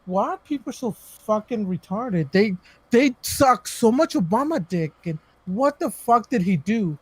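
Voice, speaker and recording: A man's voice: high voice, expressive, measured pace, husky, no echo. A man co-hosting a podcast, ranting sarcastically with heavy swearing in casual banter. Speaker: podcast co-host.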